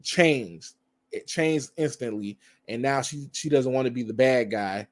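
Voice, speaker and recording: A man's voice: medium pitch, measured pace. Rambling casual male movie reviewer. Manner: rambling, conversational, frequent laughs and fillers.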